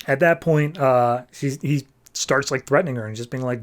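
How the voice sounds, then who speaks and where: A man's voice: medium pitch, normal speed. A man hosting a podcast, chatty, recapping comic books and acting out character voices. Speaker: podcast host. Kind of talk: casual comic book recap.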